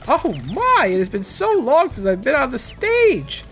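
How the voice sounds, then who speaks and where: A woman's voice: sits high, huge pitch swings, unhurried, faint music behind, voice pushed up, heavily acted. A woman voicing a small, haughty female bird mascot who sings and puts on airs in a pompous, theatrical way. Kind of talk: let's play dialogue read-aloud.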